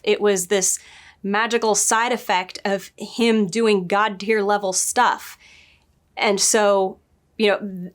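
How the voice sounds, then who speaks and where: A woman giving a casual spoken review, chatty and digressive, often laughing and adding quick asides. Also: medium pitch, fairly bright tone. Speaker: book and show reviewer.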